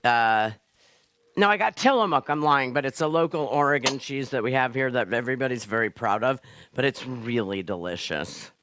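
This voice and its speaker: A woman hosting a live online cooking show from her kitchen over a video call, chatty, joking and excitable. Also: a bass voice, moderate pace.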